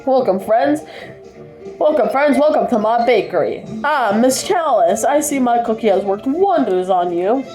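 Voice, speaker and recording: A woman voicing a theatrical male cartoon chef in a slow, put-on accent. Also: fairly high pitch, lively intonation, warm tone, roomy sound, soft background music, voice pushed up, natural voice, poor audio. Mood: welcoming.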